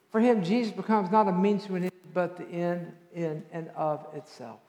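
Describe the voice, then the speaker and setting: A male pastor preaching a sermon and telling stories, building to loud emphasis at times. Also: high voice, steady tone, a little slow. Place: church sanctuary. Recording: echoey church hall with long reverb.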